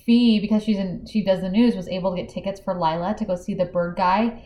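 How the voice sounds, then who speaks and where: A woman's voice: medium pitch, fairly even intonation, fairly quick, dark tone, slight background noise. Woman gushing through a book recap, lots of likes, echoey room. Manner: chatty retelling with acted-out quotes. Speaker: book podcast co-host. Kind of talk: casual book discussion.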